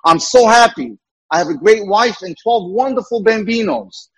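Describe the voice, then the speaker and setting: A man's voice: high-pitched, moderate pace, a bit bright, breathy edge, pitched above the performer's own voice, poor audio. A man putting on a gushing Italian joke character. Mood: overjoyed. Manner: effusive and grateful.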